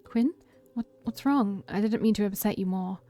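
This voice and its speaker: Woman reading a gentle, comforting heroine. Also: medium pitch, moderate pace, natural voice.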